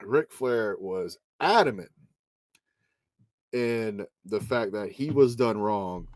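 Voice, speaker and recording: Low-voiced man swearing through a story. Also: expressive, takes it slowly, no room sound. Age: adult with children. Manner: profane, storytelling. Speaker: podcast host. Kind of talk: casual chat.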